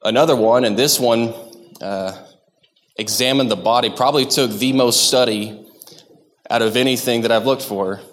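Man preaching in a reverberant hall. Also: mid-range voice. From Texas. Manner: conversational, self-deprecating, halting restarts. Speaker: lay preacher. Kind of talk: sermon. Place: church sanctuary.

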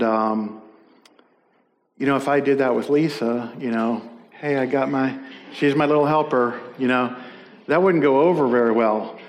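A man's voice: mid-range voice, in a large hall. A middle-aged man preaching a conversational sermon as a pastor, with frequent fillers and self-corrections.

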